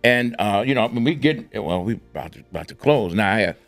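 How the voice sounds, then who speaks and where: A man's voice: lowish voice, lively intonation, a little fast, faint music behind. A man hosting a casual podcast discussion, talking emphatically and often repeating and restarting his phrases. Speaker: podcast host.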